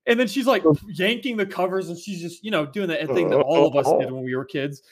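A man's voice: a little high, a little fast. A man in a casual podcast chat, talking enthusiastically about details he liked. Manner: enthusiastic, excitable.

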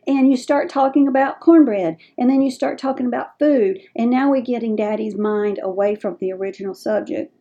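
A woman's voice: on the high side, moderate pace, few pauses, mellow, muffled recording. A middle-aged woman with a Southern US accent gives folksy, direct advice to caregivers as a dementia care educator.

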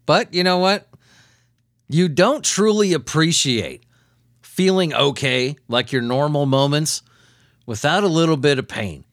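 A man's voice: a little high, lively intonation, unhurried, dry recording, clean studio sound. A man hosting a comedy news podcast, riffing on stories in a loose, profane, rambling way with frequent chuckles. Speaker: podcast host.

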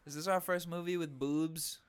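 A man's voice: fairly high pitch, fairly even intonation, moderate pace, smooth. A man co-hosting a podcast in casual chat, rambling and breaking into laughter, with the hiccups. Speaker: podcast co-host.

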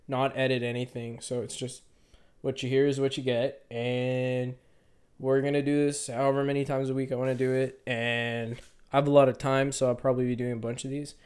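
Rambling young man, smooth voice. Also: medium pitch, darkish tone. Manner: rambling, halting, self-correcting. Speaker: podcast host. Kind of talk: unedited solo podcast monologue.

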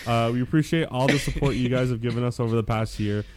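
A man's voice: medium pitch, fast, background noise. A young man co-hosting a podcast in casual chat, blunt and joking with a lot of swearing. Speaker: podcast co-host.

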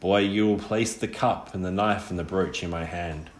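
A man voicing a cold, menacing adult killer who speaks in a smooth, mocking, threatening way in an audiobook reading. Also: deep voice, steady tone, moderate pace, natural voice. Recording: roomy echo.

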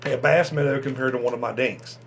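A man hosting a fishing channel, chatting casually and excitably about tackle, with lots of restarts and fillers. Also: mid-range voice, brisk, a little hiss or hum.

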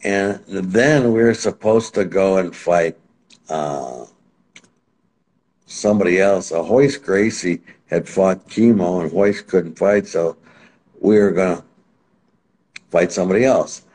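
Guest, male, lower voice, lively storyteller who acts out what people said. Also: slow pace, long pauses. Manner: animated, acts out quotes in other voices. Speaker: interview guest. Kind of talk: casual anecdotal storytelling.

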